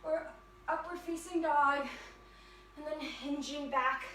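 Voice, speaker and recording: A woman leading an energetic yoga fitness class, cheering and counting down reps, slightly out of breath. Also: high voice, slow, slight background noise. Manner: upbeat, encouraging, counts down reps. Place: yoga studio. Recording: echoey room from a distance.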